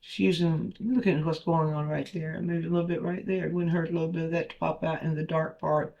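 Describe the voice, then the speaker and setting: A man's voice: on the high side, level tone, a little fast, vocal fry, a little mellow, highs cut off. A man, a painting instructor, talking through a demonstration as he paints, thinking aloud with fillers and restarts.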